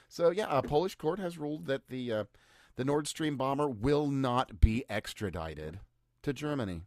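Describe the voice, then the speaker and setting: A man's voice: medium pitch, expressive, moderate pace, a little mellow, dry recording. A man co-hosting a podcast, giving news commentary in a dry, sarcastic way with mock-cheerful asides. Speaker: podcast co-host.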